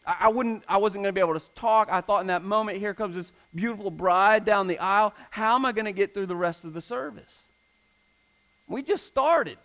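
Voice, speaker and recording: High-voiced earnest male preacher. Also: brisk, a bit bright, rough recording. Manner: earnest, repeats phrases for emphasis. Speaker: pastor. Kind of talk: sermon.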